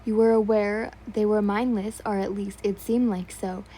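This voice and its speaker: A woman reading a second-person fan story aloud in a sleepy, soft way. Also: mid-range voice, steady tone, moderate pace, husky. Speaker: fan fiction reader.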